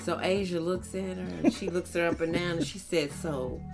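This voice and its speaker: A woman telling funny family stories on a podcast, acting out her toddlers in high little voices. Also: moderate pace, music in the background. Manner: animated storyteller, acts out toddlers in high voices. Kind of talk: casual chat.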